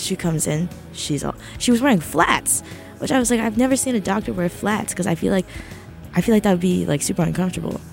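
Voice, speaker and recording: A woman's voice: lowish voice, vocal fry. A young woman from New Jersey, hosting a radio show and telling a rambling, self-deprecating story in casual chat. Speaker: radio host. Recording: faint music behind. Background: soft background music.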